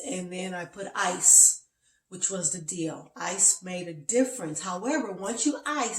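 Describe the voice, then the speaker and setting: A woman's voice: medium pitch, roomy sound, far from the mic. A woman chatting to camera from her bed and explaining things step by step. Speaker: vlogger. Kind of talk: casual talk to camera. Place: bedroom, lying in bed.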